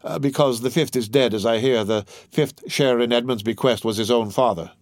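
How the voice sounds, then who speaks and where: A man voicing a calm, grave priest who speaks in a measured, formal way. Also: medium pitch, dry recording, studio quality, close to an everyday voice. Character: calm, secretly shaken priest. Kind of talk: audiobook character reading.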